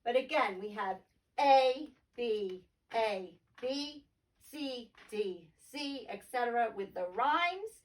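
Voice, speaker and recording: A woman's voice: a little high, expressive, slow pace, recorded from a distance. A woman teacher giving a remote poetry lesson from home, explaining patiently and tapping out rhythms aloud.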